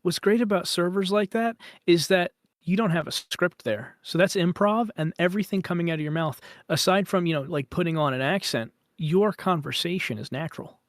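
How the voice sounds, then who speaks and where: A man's voice: high voice, a little fast, few pauses, no room sound, clean studio sound. A man who coaches voice actors, talking emphatically and encouragingly as a guest in a casual podcast chat. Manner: emphatic, encouraging, explains eagerly. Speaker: voice acting coach.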